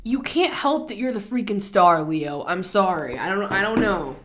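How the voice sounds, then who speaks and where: Woman reading tarot, rambly and chatty, goes off on animated tangents. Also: medium pitch, moderate pace, background noise. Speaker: tarot reader.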